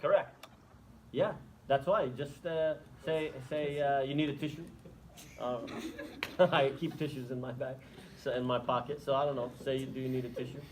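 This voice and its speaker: A man's voice: medium pitch, steady tone, moderate pace, a little hiss or hum, poor audio. Man giving a chatty religious lecture. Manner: conversational, asks the audience rhetorical questions. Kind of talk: Islamic talk to students with Q&A. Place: lecture room.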